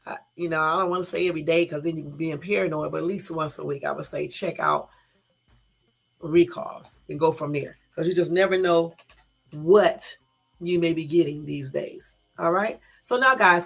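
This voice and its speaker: A woman's voice: low-pitched, brisk, gravelly, breathy edge. A woman hosting a casual live stream, reading out news and talking straight to her viewers with emphatic, exasperated asides. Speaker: YouTube live-stream host. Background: faint background music.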